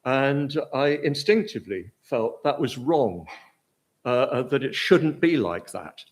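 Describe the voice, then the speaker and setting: Taking his time, an older man from Britain with a posh English accent delivers an informal talk on Buddhism. His medium-pitched voice is expressive, and his hesitant delivery is full of restarts and filler words.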